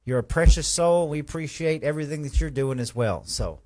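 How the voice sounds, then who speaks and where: A man hosting a live stream, giving folksy, rambling shout-outs to viewers. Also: fairly high pitch, animated, brisk. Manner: effusive, folksy, rambling with restarts.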